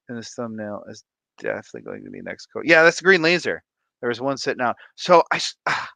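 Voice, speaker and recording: A man hosts a casual home livestream and answers chat in an animated, playful way. His voice is bright and lively, rising and falling a lot. The sound is dry and close to the mic. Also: medium pitch, brisk, gravelly, dry recording. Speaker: livestream host. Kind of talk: casual live stream chat, reading viewer comments.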